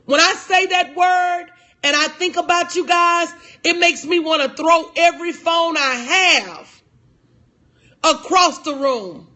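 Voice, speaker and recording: A middle-aged woman speaker with a high, bright, forceful voice. She hammers her points home through repetition in a preacher-like rhythm. Her talk is heartfelt and confessional. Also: takes it slowly. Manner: emphatic and repetitive, in a preacher-like cadence. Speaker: motivational speaker and life coach. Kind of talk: motivational speech to an audience.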